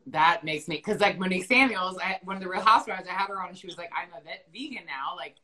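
A woman's voice: lowish voice, fast, poor audio. A woman hosting a casual chat, animatedly telling stories and acting out what people said. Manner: animated storyteller, quotes people with voices. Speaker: podcast host.

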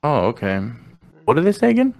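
A man's voice: fairly high pitch, huge pitch swings, fairly quick, creaky, no echo. A young man from Mexico hosting a podcast, talking loosely with slang, jokes and swearing. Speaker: podcast host. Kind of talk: casual chat.

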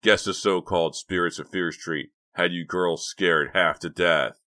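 A man voicing a reckless teenage boy prankster in an audiobook, with slow, drawn-out, menacing delivery. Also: sits low, fairly even intonation, bright, forceful tone, dry recording, studio quality. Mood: teasing. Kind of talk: audiobook character voice.

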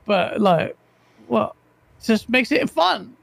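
A man's voice: extremely high pitch, very animated, takes it slowly, gravelly, fairly bright tone, no room sound. A man co-hosting a casual gaming podcast, laughing a lot and calling people bro and bruv. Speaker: podcast co-host.

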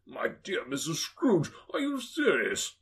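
A man voicing a portly old gentleman who speaks in slow, breathless exclamations. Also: on the high side, sing-song, slightly rough, exaggerated voice. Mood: astonished.

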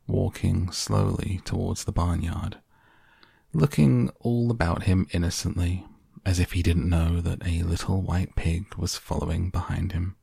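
Male sleep-audiobook reader: low, husky, unhurried. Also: dry recording, clean studio sound. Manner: slow, soft and even. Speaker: podcast reader. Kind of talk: calm audiobook narration for sleep.

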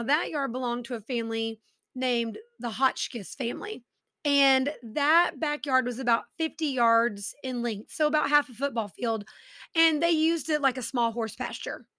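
A woman's voice: fairly high pitch, sharp tone, no echo, studio quality. A woman, hosting a podcast and telling a true-crime story in a casual, conversational way with personal asides. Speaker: podcast host.

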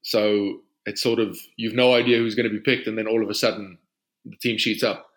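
Laid-back South African man, lowish voice. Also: a little fast. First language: Afrikaans. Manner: relaxed, easygoing answers with frequent "you know". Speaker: rugby player guest. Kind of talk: casual podcast interview.

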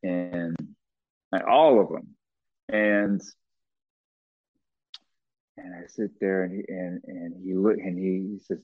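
A middle-aged man being interviewed, telling a personal story bluntly and profanely, with halting restarts. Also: low voice, steady tone, dry recording. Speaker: guest. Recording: tinny phone-like line, dry.

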